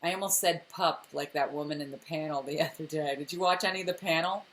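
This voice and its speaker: A woman's voice: low voice, quick pace, a bit bright. A woman co-hosting a podcast, chatting casually and acting out characters' lines as she recaps a TV episode. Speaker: podcast co-host.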